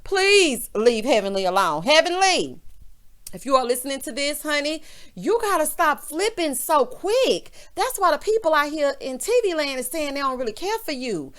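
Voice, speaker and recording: A woman recaps a reality show in loose, chatty commentary, sassy and gossipy, and talks straight to her viewers. Her speaking voice sits a little on the high side. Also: sing-song, normal speed, fairly bright tone. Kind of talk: casual commentary.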